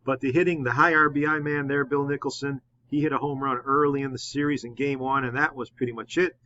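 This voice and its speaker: Excitable baseball play-by-play man. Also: mid-range voice, fast, lo-fi sound. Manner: excited calls on big hits, chatty recap. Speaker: play-by-play commentator of a simulated game.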